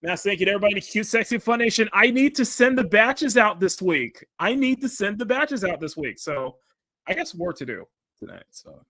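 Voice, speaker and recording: A man's voice: high voice, very animated, fairly quick, bright, forceful tone, no echo. A man hosting a casual livestream while he draws, rambling and restarting his sentences, with frequent laughter. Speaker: livestream host.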